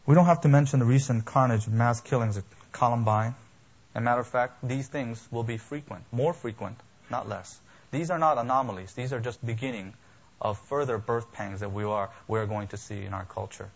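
Male pastor, husky voice, emphatic sermon delivery, dull lo-fi recording. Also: medium pitch, a little fast. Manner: emphatic, building preaching with lists and rhetorical questions.

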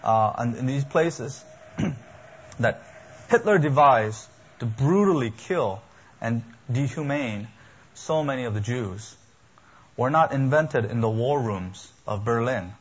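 A man's voice: medium pitch, husky. A man preaching a sermon as a pastor, emphatic and building, with lists and rhetorical questions. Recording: dull lo-fi sermon recording.

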